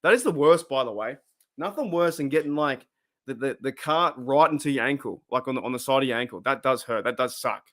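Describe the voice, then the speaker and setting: A man's voice: medium pitch, brisk, a bit bright. An Australian man hosting a live sports podcast, fired up and rambling as he reads chat comments aloud. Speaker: podcast host.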